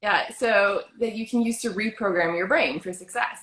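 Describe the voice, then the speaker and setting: A woman hosting a relaxed chat, with a voice at an ordinary middle pitch. She talks in a chatty, upbeat way, leaning on "like" as a filler. Her voice rings around a roomy, echoey space. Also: moderate pace. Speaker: host. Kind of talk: casual video chat. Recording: roomy echo.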